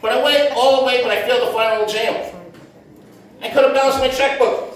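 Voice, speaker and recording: Brash high-voiced male stand-up comic. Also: fairly even intonation, fairly quick. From Puerto Rican heritage. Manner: brash, conversational, lots of "man" and "right?". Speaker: stand-up comedian. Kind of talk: stand-up set. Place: comedy club stage with audience laughter. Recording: echoey club, heard from far off.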